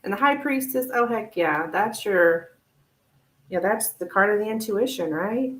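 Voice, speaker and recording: A woman of ordinary pitch reads tarot live for her viewers, talking in a chatty, animated way. The sound is roomy, with a clear echo around her voice. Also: a little slow. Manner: chatty, animated, laughs often, thanks viewers warmly. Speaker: tarot reader hosting a live stream. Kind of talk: casual live-stream reading.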